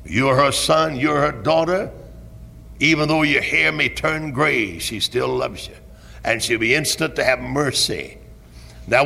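Gravelly preacher, echoey church. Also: male voice. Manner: preaching swings from hushed low tones to shouted peaks. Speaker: pastor. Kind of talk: sermon. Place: church sanctuary. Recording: echoey 1970s church recording.

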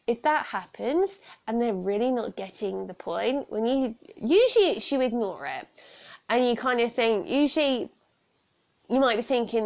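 Gravelly young woman podcasting. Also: fairly high pitch, very animated, measured pace, lo-fi sound. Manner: earnest, frank, chatty with many asides. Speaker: podcast host. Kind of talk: casual solo podcast talk on personal safety. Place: room at home.

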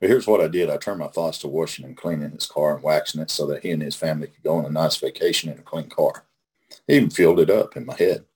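A middle-aged man from Oklahoma talks through a recovery study in a casual, teaching tone. His voice sits low and has a husky, grainy edge. He is folksy and emphatic and often repeats a phrase to press the point. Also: quick pace, a little mellow. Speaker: host leading a recovery study.

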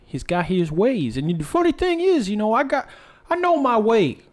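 A man's voice: sits high, very animated, moderate pace. A man voicing a sly old male fight coach in a tabletop game, rambling with lots of "you know". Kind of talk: tabletop role-play.

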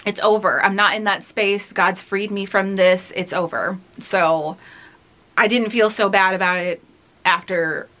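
A woman's voice: medium pitch, steady tone, measured pace, sharp tone. A woman of thirty talking candidly and casually as she reacts to her own old video, rambling with many fillers. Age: 30s. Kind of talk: casual reflective commentary.

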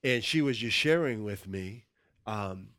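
Bright-voiced preaching man. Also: on the low side, animated, a little slow, no room sound, studio quality. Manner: emphatic, declaring scripture aloud. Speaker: pastor co-hosting. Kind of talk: preaching, then casual chat.

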